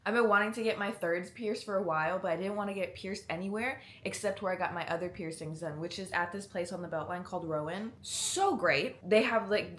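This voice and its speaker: A young woman in her twenties vlogging to camera, telling stories in a casual, animated way with plenty of slang, swearing and laughter. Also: lowish voice.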